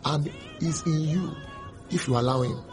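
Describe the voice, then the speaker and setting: A man preaching a sermon, repeating his phrases and breaking into sudden loud outbursts. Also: a little high, moderate pace, over music.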